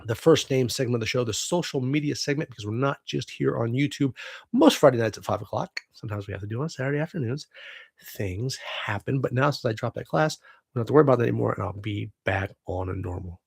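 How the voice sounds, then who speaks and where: A man's voice: mid-range voice, fast, vocal fry, slightly rough, no echo. A man in his forties from the United States hosting a casual livestream from home on a webcam, rambling, laughing often and swearing freely. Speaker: livestream host.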